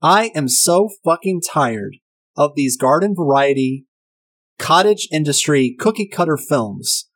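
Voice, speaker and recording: A man's voice: on the high side, expressive, measured pace. A man casually retelling and reviewing a crime film, enthusiastic and profane.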